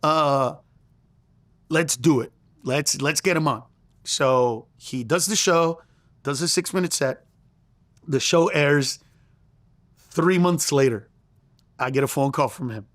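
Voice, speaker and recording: Excitable high-voiced man telling a story. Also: slow pace, pauses often, no room sound. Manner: profane, excitable, acts out quoted voices. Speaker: comedian guest. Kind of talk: animated storytelling in an interview.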